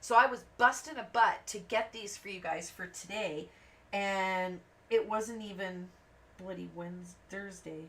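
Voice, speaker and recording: Speaking a little slowly at medium pitch, a woman colors on her craft channel while spinning rambling tales and acting out what people said. The mic catches her from a bit of a distance, with faint noise in the background.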